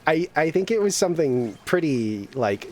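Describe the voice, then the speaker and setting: A man's voice: on the high side, normal speed, a little hiss or hum. A man streaming a game and chatting casually, telling stories with lots of laughter and swearing. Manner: animated storyteller, laughs often, swears freely. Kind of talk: casual chat while gaming.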